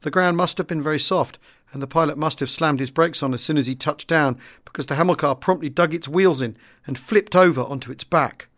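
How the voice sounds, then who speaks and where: A man reading a wartime memoir aloud in the first person, steady and understated. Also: a little high, fairly quick. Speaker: audiobook reader.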